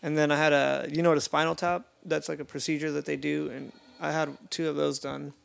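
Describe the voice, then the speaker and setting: A man co-hosting a podcast in casual chat, blunt and swearing casually, with a gravelly voice. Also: on the high side, flat delivery, a little fast. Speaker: podcast co-host.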